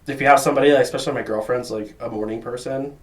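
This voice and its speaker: A young man chats on a podcast as a guest, talking with lively energy in heavy slang. He sprinkles "dude" and "like" everywhere. His voice is mid-pitched and sounds somewhat far from the microphone. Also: very fast. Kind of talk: casual chat. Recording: voice distant from the mic.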